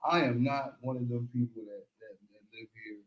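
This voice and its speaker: A man's voice: mid-range voice, fairly even intonation, fairly quick, low-quality recording. A man in a casual chat who talks hesitantly, restarting and choosing his words carefully.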